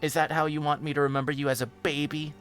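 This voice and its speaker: A man's voice: fairly high pitch, little pitch movement, quick pace, fairly bright tone, faint music behind, pitched above the performer's own voice, lightly acted. A man voicing a petulant, sadistic female pink pony in a dramatic reading, whiny and scolding. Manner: whiny, scolding, sing-song. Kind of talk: dramatic reading of fan fiction.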